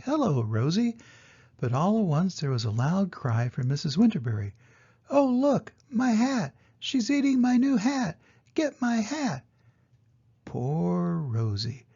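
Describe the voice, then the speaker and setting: An older man reading a children's story aloud, gentle and expressive. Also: on the high side, vocal fry, slightly rough. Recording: dull lo-fi recording.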